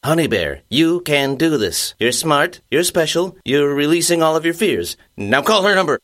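A man's voice: fairly high pitch, very animated, moderate pace, a bit bright, pitched above the performer's own voice. A man voicing a nervous, awkward young male bear in a cartoon, who stammers and talks himself up. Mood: stubborn. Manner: anxious, stammering, self-pepping. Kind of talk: cartoon voice acting.

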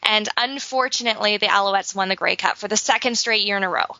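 Chatty woman from Saskatchewan, bright voice. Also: medium pitch, quick pace, no echo. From Saskatchewan, Canada. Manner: chatty, laughs often, many fillers. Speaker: co-host. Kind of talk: casual celebrity gossip chat. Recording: dull lo-fi recording.

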